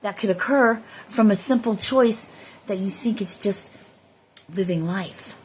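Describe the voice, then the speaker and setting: A woman's voice: medium pitch, measured pace, slight background noise. A woman vlogging at home, musing casually on spiritual ideas in a rambling way and swearing freely.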